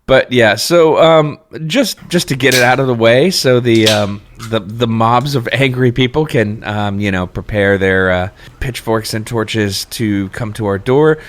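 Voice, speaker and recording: A man's voice: mid-range voice, a little slow, few pauses, a little hiss or hum. A man co-hosting a casual podcast about bad books, joking and laughing often as he talks. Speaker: podcast co-host.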